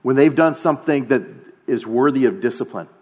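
Pastor guy in his 30s preaching, earnest, drops real quiet on key words, mid pitch, big hall reverb. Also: lively intonation, slightly rough. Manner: earnest, slowing and dropping to quiet emphasis. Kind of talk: sermon.

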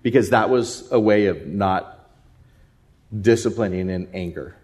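Animated low-voiced man preaching. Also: a little slow. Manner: animated, rambling anecdote with many fillers. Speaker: pastor. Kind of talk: sermon with personal storytelling.

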